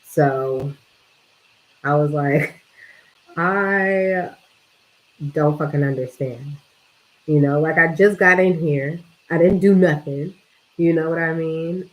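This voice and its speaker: A woman's voice: deep voice, unhurried, pauses often, low-quality recording. A young woman telling a casual story to camera, chatty and swearing freely, with lots of "like" and talk of energy and vibes. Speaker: vlogger.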